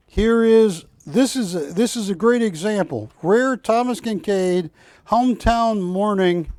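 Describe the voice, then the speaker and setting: A man's voice: sits high, darkish tone, no room sound. A man hosting a live shopping channel show, chatty and joking with his crew as he sells art prints in a studio. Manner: chatty, jokey, rambling asides to crew. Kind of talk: live TV sales pitch.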